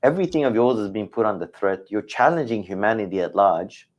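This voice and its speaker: Low-voiced man thinking aloud. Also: expressive, fairly quick, muffled recording, a little hiss or hum. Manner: thinking aloud, hedging and self-correcting. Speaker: Quran teacher. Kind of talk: scholarly study discussion.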